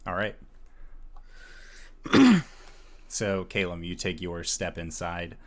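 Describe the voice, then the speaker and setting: A man narrating a tabletop game as game master, measured and pausing often with "uh". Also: low voice, very animated. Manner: slow, measured, with frequent "uh" pauses.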